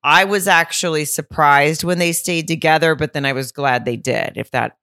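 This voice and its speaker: A woman co-hosting a podcast in casual chat, blunt and quick to swear. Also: low-pitched, bright, forceful tone, no echo, clean studio sound. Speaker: podcast co-host.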